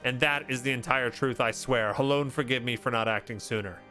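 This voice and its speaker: Man doing a guilt-ridden guardsman, solemn, bright-toned read, quiet game score behind. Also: medium pitch, a little fast, faint music behind, close to an everyday voice. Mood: remorseful. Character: remorseful male guardsman confessing his guilt.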